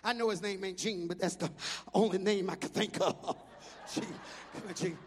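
Shouting preacher man, very high gravelly voice, big hall reverb. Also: steady tone, normal speed. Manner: shouting, rhythmic. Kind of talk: storytelling sermon.

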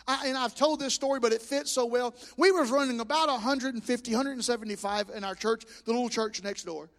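Male preacher, very high pitch, fervent delivery with stammered restarts, recorded in an echoey sanctuary. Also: a little fast, a bit bright. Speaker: pastor. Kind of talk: sermon. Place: church sanctuary. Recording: long echoing reverb of a church hall.

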